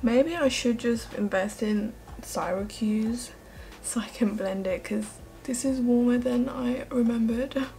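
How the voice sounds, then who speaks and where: A woman's voice: fairly high pitch, measured pace, vocal fry, mellow, faint music behind. A young woman chatting through a makeup tutorial as a beauty vlogger, gushing and emotional. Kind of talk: casual makeup tutorial chat.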